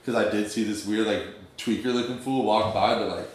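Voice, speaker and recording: A man's voice: fairly low pitch, fairly quick. Slangy young man in an echoey room. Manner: streetwise slang-heavy storytelling, acts out quoted dialogue. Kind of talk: casual storytelling.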